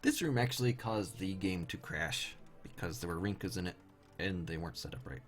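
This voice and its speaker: Brisk and animated, a young man with a low-pitched voice gives casual live-stream commentary as he plays. Though tired, he keeps up a wry, chatty banter with viewers over faint background game music.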